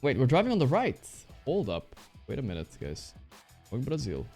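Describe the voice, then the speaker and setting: A male streamer chatting casually while he plays, excitable and trash-talking, swearing often. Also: mid-range voice, moderate pace, husky, soft background music. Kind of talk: casual live-stream chat while playing.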